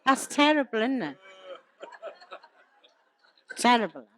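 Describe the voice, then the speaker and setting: A woman's voice: on the high side, very animated, slow pace, slight background noise. An older woman, reciting humorous poems and jokes to a live audience and teasing them along the way. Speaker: comic performer.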